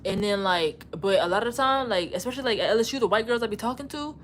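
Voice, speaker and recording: A woman's voice: on the high side, expressive, quick pace, slight background noise. A young woman from Louisiana with a Louisiana accent, casually chatting on a livestream in a slangy, frank, rambling way. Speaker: livestream host. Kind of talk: casual livestream chat reading comments.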